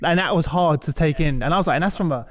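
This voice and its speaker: A man in his forties from East London with a local accent, hosting a casual podcast interview and telling stories animatedly. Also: fairly high pitch. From England. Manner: animated storytelling, quick asides. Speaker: podcast host.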